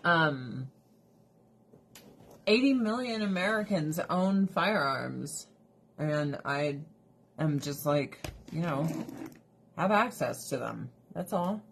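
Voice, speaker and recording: A woman's voice: deep voice, lively intonation, slow, gravelly, pauses often, slight background noise. A woman ranting bluntly and swearing on a casual livestream while doing her skincare, breaking into laughs between remarks. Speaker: livestream host.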